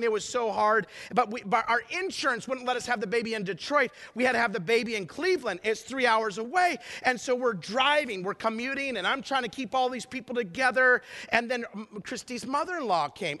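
A man's voice: very high-pitched, pushed and bright. A middle-aged man, a pastor, preaching a sermon in an emphatic, conversational way, full of rhetorical questions to the congregation. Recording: echoey hall with long reverb.

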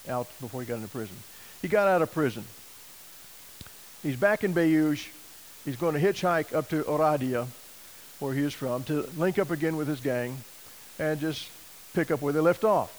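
A man preaching a sermon, telling a story in a folksy, animated way and acting out quoted voices. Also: a little high, a little hiss or hum, rough recording. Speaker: missionary preacher.

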